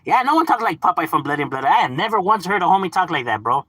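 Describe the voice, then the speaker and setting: A man's voice: sits high, sing-song, quick pace, pushed and bright, husky, no room sound. A man streaming a game, ranting casually in profane street slang with mock exasperation and frequent laughter. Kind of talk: casual live-stream rant.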